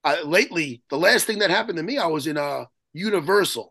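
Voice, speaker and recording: Raspy, animated man telling a story. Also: on the high side, fast talker, no room sound. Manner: profane, excitable, rambling with restarts. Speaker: guest. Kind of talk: animated storytelling in a podcast interview.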